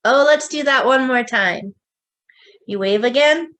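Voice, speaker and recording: A woman, a children's librarian, leading a preschool storytime with songs, animal sounds and a picture book read aloud in a slow, sing-song, coaxing way. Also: high-pitched, a bit bright.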